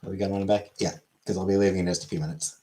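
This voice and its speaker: A man's voice: deep voice, level tone, very fast, dark tone. A man chatting casually on a livestream, rambling and offhand, swearing now and then.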